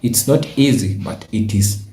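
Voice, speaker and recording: A low, warm-toned man speaks earnestly and at a steady pace. The recording rings with room echo, which marks it as a clip played back from his video. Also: measured pace, slight background noise. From Kenya. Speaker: YouTuber. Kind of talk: advice vlog.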